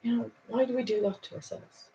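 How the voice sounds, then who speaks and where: A woman's voice: fairly high pitch, fairly quick, gravelly, muffled recording, a little hiss or hum. Earnest woman giving a spiritual talk. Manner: earnest and reflective, laughs softly, a little emotional. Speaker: spiritual talk host reading angel cards.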